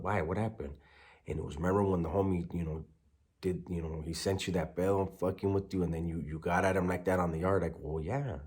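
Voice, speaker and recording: Deep-voiced man telling a prison story. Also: darkish tone. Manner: laid-back street slang, sprinkled with Spanish words. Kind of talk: casual storytelling.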